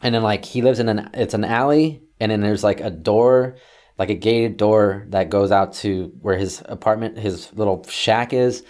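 A young man telling a story casually, swearing a lot and acting out shouted quotes. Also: fairly low pitch, normal speed. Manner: profane, animated, acts out yelling quotes.

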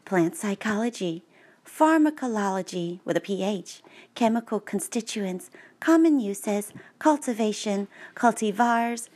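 A woman's voice: mid-range voice, lively intonation, unhurried, a little mellow. A woman reading technical text aloud, with playful, sarcastic asides. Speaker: vlogger. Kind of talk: joking read-aloud commentary.

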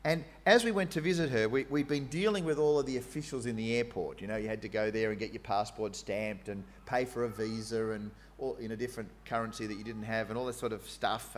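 A man preaching a sermon in an animated, conversational way, with fillers and asides. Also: medium pitch, fast talker, hardly any pauses.

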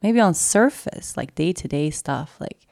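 A woman hosting a podcast, telling a personal story in a low, gravelly voice that often sinks to a whisper. She sounds intimate and confessional and comes back to the same phrases again and again. The sound is dry and close, with no room around it. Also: animated, measured pace, a little mellow, no room sound. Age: adult with a daughter. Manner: emotional, confessional, repeats phrases. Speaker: podcast host.

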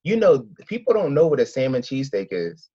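A man's voice: mid-range voice, very animated, fairly quick, slightly rough. A man, chatting as an interview guest and telling rambling stories full of acted-out quotes. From Philadelphia. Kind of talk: casual interview chat. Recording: dull lo-fi sound.

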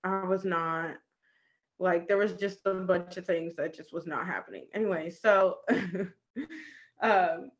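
A young woman co-hosting a podcast chats casually, laughing a lot and swearing freely. Her lowish voice moves slowly with frequent pauses, and the recording sounds muffled.

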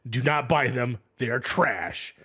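A man's voice: medium pitch, a little slow, pushed and bright, breathy edge. A man co-hosting a casual chat over a video call, talking bluntly and swearing freely. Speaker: podcast co-host.

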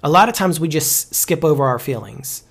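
A man's voice: a little high, animated, normal speed, gravelly, fairly bright tone, husky. A man speaking as a life coach on a podcast, preachy and emphatic, repeating key phrases. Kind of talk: motivational podcast talk.

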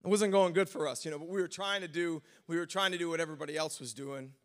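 A man's voice: a little high, fast. Stammering man pastor telling a story. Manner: preaching climax, shouting and sing-song, then relaxed storytelling with stammers. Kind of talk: sermon.

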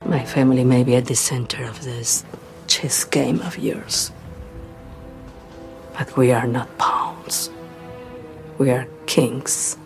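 Brief: a fierce mother defying a demon, slow and solemn, film clip under loud score. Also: rumbling low, creaky, heavily acted. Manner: fierce and solemn, whispered passages. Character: defiant mother banishing a demon. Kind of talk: dramatic TV scene.

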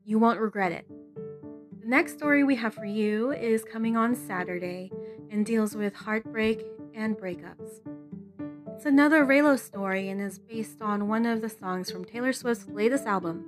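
A woman co-host reads a friendly, upbeat outro for a fan story podcast. Her voice sits fairly high, and clear plucked guitar music plays behind her. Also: normal speed. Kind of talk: scripted show outro.

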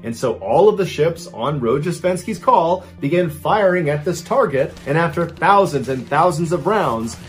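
A man hosting a history channel, telling a story in a brisk, chatty way, linking events with "and so". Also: fairly high pitch, animated, soft background music. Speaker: host.

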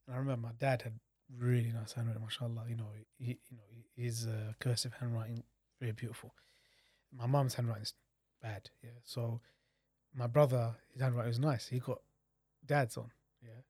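A man in a casual podcast chat, explaining his points in a measured, reflective way. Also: medium pitch, level tone, dark tone, slightly rough, no echo, studio quality.

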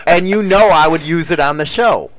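A man's voice: on the high side, normal speed, over a noisy crowd. A man hosting a casual podcast, teasing his co-host and swearing often. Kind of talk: casual chat.

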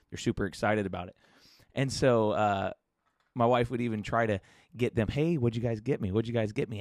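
A man in his thirties hosting a solo podcast, telling family stories in a relaxed way with fillers, and whispering when he quotes someone. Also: fairly low pitch, no room sound, clean studio sound. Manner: casual storytelling with fillers and restarts, sometimes whispering quotes. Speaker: podcast host.

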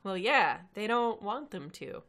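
A woman's voice: mid-range voice, sing-song, a little slow, fairly bright tone. A woman co-hosting a podcast in casual chat, teasing, swearing casually and laughing often. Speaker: podcast co-host.

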